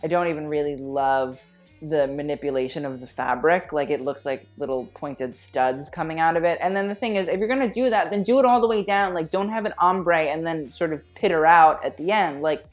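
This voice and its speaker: A woman's voice: deep voice, fairly quick. A woman giving casual fashion commentary, blunt and opinionated with a slangy way of talking, with faint music behind. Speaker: fashion critic vlogger.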